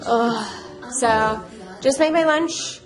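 Relaxed woman vlogging from home. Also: fairly high pitch, slow pace, a crowd in the background. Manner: relaxed, chatty, easygoing. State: slightly scratchy throat. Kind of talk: casual chat. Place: home, indoors.

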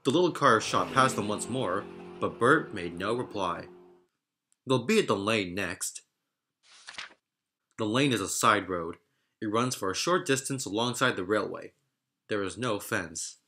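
A man narrating a children's railway story in an expressive reading voice. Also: fairly low pitch, moderate pace. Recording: narration over loud music.

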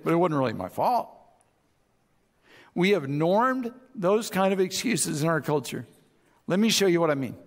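A man's voice: fairly high pitch, long reverb tail. A man preaching a sermon as pastor, speaking conversationally and acting out both sides of arguments. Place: large church auditorium.

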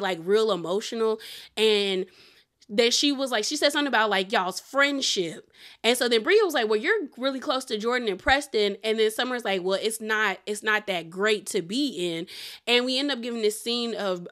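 A young woman talks through a reality TV episode in a loose, chatty recap. Her voice sits a little high, and she keeps the talk animated with plenty of "like" and "girl". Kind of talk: casual recap chat.

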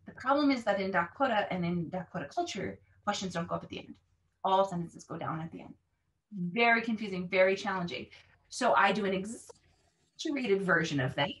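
A woman language teacher explaining how she runs her classes, animated and acting out phrases with exaggerated intonation. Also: mid-range voice, far from the mic.

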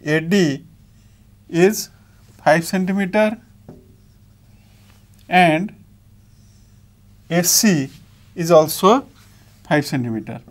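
Slow Indian English maths teacher, man. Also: on the high side, lively intonation. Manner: slow, step-by-step dictation while writing. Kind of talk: blackboard maths lesson.

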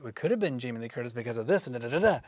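A man's voice: medium pitch, lively intonation, racing, darkish tone, dry recording. A man co-hosting a film review show, chatting casually and rambling with many fillers and restarts.

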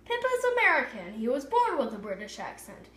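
A woman reading a story aloud, stumbling now and then over words and filling pauses. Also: on the high side, huge pitch swings, fairly bright tone. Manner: unpolished reading with stumbles and fillers. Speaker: reader. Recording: echoey room.

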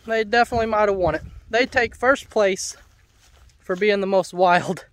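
Very high-voiced man. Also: normal speed, no echo. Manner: playful, chatty, teasing. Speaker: homestead vlogger. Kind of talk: casual vlog, talking to farm animals. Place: outdoor farm pasture.

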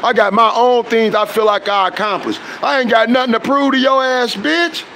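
High-pitched man ranting with profanity. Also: moderate pace, sharp tone, a little hiss or hum, low-quality recording. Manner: confrontational, profane, trails into fillers. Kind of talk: heated direct-to-camera rant.

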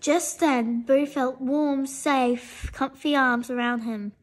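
A woman reading a bedtime story to children in a gentle, expressive way. Her voice is high and she takes her time over every line, stumbling now and then. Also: slow. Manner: gentle and expressive, with small slips. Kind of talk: bedtime story read-aloud.

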